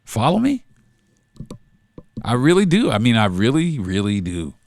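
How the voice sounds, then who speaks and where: Podcast guy going off, lots of cursing and repeating himself, animated voice, dry sound. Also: mid-range voice, measured pace, no room sound. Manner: emphatic, repetitive, profane ranting. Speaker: podcast host. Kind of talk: solo podcast monologue.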